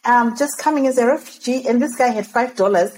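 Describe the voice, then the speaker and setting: A woman from Zimbabwe, a podcast guest, telling her story in an animated way and laughing often. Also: a little high, fairly quick, slight background noise, low-quality recording.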